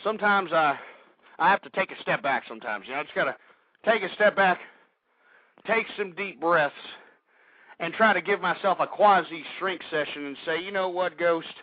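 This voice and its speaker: An older talk radio host rants in a high-pitched voice, his words squeezed through a thin, phone-like line. He keeps saying "folks" and "I mean", and his anger climbs into shouting. The sound is dry, with no room around it. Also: animated, normal speed, no echo. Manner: ranting, building to furious shouting; repeats "folks" and "I mean" constantly. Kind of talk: political talk radio monologue.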